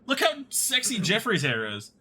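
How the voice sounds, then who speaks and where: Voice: medium pitch, wildly swooping pitch, normal speed, bright, forceful tone, a little hiss or hum. A streamer from Canada chatting casually and self-deprecatingly while playing a video game. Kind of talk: casual gaming stream chat.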